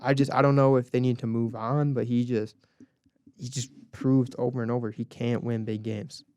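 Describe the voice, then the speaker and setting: A man's voice: medium pitch, level tone, moderate pace, darkish tone, smooth, dry recording. Young man on college sports radio, dry studio. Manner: reads off stats, leads the segments. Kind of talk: casual sports talk.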